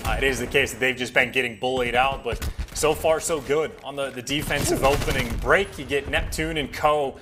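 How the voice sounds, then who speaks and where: A male analyst breaking down a match in measured, analytical commentary. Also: mid-range voice, fairly even intonation, noisy background. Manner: measured, analytical, slight restarts. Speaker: esports analyst. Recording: music bed underneath.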